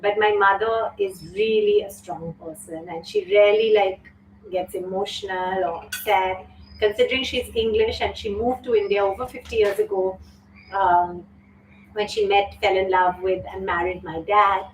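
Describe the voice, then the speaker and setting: A middle-aged yoga teacher hosts a live online class, teary and heartfelt as she talks to viewers and reads their comments. Her medium-pitched voice holds a steady tone at a moderate pace, with a little hiss or hum, roomy echo, a distant mic and faint ambience.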